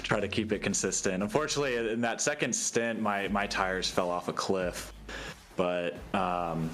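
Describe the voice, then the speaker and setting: A young man, a sim racing driver, talking through his race in a relaxed, upbeat post-race interview with small hesitations. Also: sits low, moderate pace, slight background noise.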